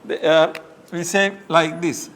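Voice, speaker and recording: Man lecturing slowly with rhetorical questions. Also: on the high side, fairly even intonation, fairly bright tone, slight background noise. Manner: explains step by step with many fillers and rhetorical questions. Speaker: professor lecturing. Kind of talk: academic lecture.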